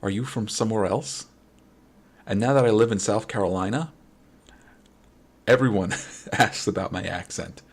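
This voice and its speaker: A low-pitched man from New York with a New York accent talks with his stream viewers in a relaxed, rambling way. His voice has a husky edge, and he often restarts his sentences as he thinks aloud. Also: moderate pace, pauses often. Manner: rambling, friendly, many restarts. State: late-night, a little wired. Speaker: game streamer. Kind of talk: casual chat with stream viewers.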